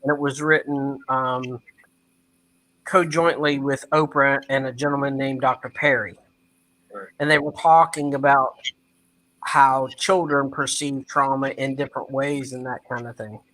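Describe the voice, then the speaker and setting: A man from West Virginia, a guest in an interview, telling a story in an earnest, animated way and speaking to the host by name. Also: medium pitch, poor audio. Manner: animated, acts out quoted dialogue.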